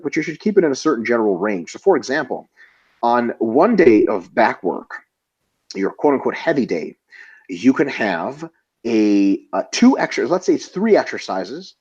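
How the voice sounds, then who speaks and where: A man's voice: medium pitch, darkish tone, breathy edge, dull audio. A man co-hosting a casual webinar, answering viewer questions bluntly and swearing freely as he lays out training plans step by step. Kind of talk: casual webinar Q&A, profane and joking.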